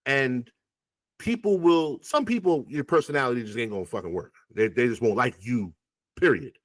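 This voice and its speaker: A man's voice: medium pitch, moderate pace, dry recording. A man, a rapper, casually telling stories as an interview guest, swearing freely and acting out past conversations. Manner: animated, profane, acts out past conversations.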